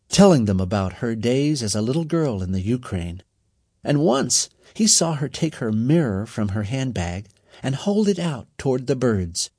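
A man reading a children's story aloud in an expressive, measured narrating voice. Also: medium pitch, breathy edge, no room sound, studio quality.

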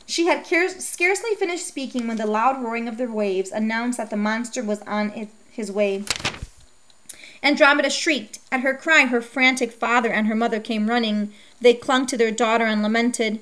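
A woman narrates an old myth in a storybook style, reading aloud in a steady, measured way. Her voice is pitched slightly high.

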